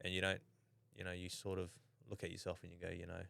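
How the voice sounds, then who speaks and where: A young Australian man chatting casually as a podcast guest, halting and full of restarts. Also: sits low, completely flat delivery, vocal fry, a bit bright, no room sound. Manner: halting, many restarts and fillers. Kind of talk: casual chat.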